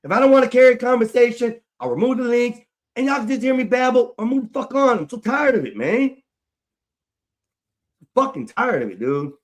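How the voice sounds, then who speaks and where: A man with a fairly high voice rants into his livestream mic. He swears constantly, circles back over the same complaints and sounds fed up. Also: very animated, brisk. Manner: swears heavily, repeats himself, frustrated. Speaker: livestream host. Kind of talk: angry livestream rant.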